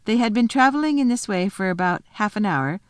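A woman reading a children's storybook aloud in a calm, measured way. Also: mid-range voice, no echo, clean studio sound. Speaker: audiobook reader.

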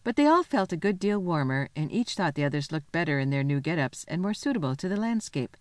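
A woman reading a children's novel aloud in a lively, expressive storytelling manner. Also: low-pitched, fast, dry recording. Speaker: reader.

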